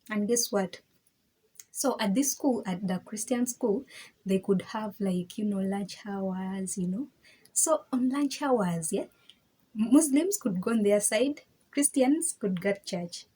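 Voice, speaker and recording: A woman's voice: medium pitch, breathy edge. A young woman, telling her story in a casual personal video, laughing and acting out other people's words. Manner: animated, laughing, acts out quoted voices. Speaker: vlogger.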